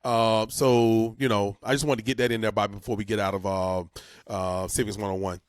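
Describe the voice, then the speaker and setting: A man's voice: fairly low pitch, flat delivery, a little fast, no room sound, clean studio sound. A man co-hosting a community talk show, explaining civics in an emphatic, folksy way and repeating words for emphasis. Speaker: co-host. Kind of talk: talk radio civics segment.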